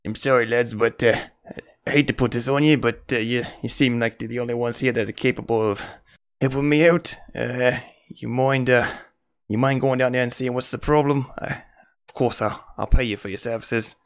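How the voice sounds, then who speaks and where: A man's voice: medium pitch, fairly even intonation, moderate pace, clean tone, voice pushed up, natural voice. A man voicing a nervous, sweating innkeeper who asks for help apologetically.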